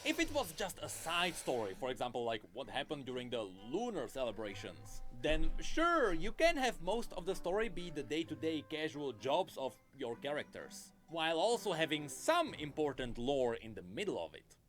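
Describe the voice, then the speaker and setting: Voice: mid-range voice, very animated, normal speed, few pauses, faint music behind. A video essayist giving opinionated, emphatic commentary from a script.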